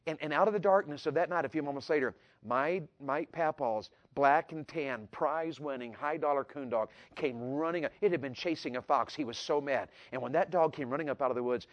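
A man telling a folksy personal story, animated and repetitive, rising to loud peaks. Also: fairly high pitch, a little fast, hardly any pauses, muffled recording. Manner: animated, repeats words, builds to loud peaks. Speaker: storyteller speaker.

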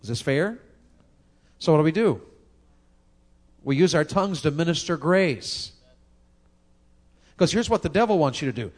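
A man's voice: on the high side, animated, moderate pace, long pauses. A man preaching a sermon, driving his points home with rhetorical questions. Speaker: pastor.

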